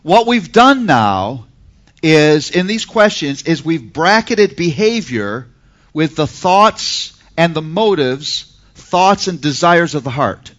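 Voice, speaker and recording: A man lectures a class with emphatic energy and pointed rhetorical questions. His voice sits a little high and moves animatedly through a wide range. The recording is slightly dull and lo-fi. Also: very animated, slow, fairly bright tone. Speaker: teacher on Christian parenting.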